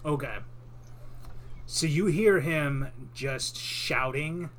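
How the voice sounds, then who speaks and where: A male game master narrates a tabletop scene in a slow, rambling way, often pausing on filler words. His voice is bright and forward. A faint hum sits under the recording. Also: mid-range voice.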